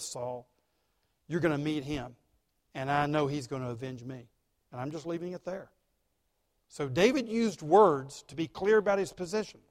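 Male pastor, higher voice, dramatic sermon delivery with sharp emphasis. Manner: emphatic, dramatic, swings between loud stress and quiet asides.

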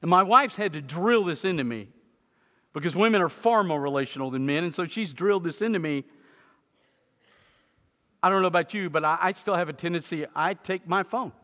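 A man preaches a sermon in a church, mixing humorous stories with earnest teaching. His voice sits fairly high and rings bright and forceful, with loud emphatic peaks. The sound carries a long reverb from the sanctuary. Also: brisk. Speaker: pastor.

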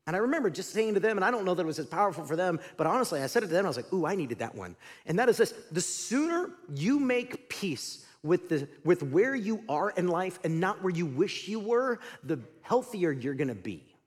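Middle-aged guy preaching, husky voice, swings up and down a lot, chatty with the crowd. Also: sits high, fairly quick, hardly any pauses, in a large hall. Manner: animated preaching with sudden drops to quiet; conversational, asks the congregation questions. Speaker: pastor. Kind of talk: sermon.

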